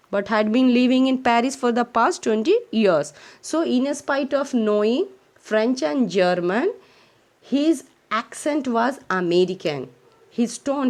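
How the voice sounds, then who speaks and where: A woman's voice: on the high side, a little mellow. A woman teacher with an Indian English accent who reads a textbook chapter aloud and explains it to children, repeating phrases and defining words as she goes.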